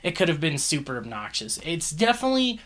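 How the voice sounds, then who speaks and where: A man's voice: fairly high pitch, big pitch swings, quick pace, fairly bright tone. A man giving a casual, profane movie review, exasperated and ranting, swearing often.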